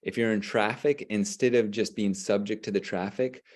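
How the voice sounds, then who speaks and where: A middle-aged man co-hosting a podcast, talking in an enthusiastic, energetic way, with frequent restarts. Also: fairly low pitch, moderate pace. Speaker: podcast co-host. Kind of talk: casual chat.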